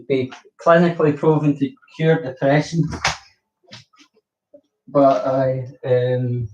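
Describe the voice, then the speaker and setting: A man's voice: on the high side, warm tone, distant mic, muffled recording. A young Glaswegian man chatting casually to his viewers, rambling and swearing with frequent laughs. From Glasgow, Scotland. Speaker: vlogger. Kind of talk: casual chat. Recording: roomy, from the mic.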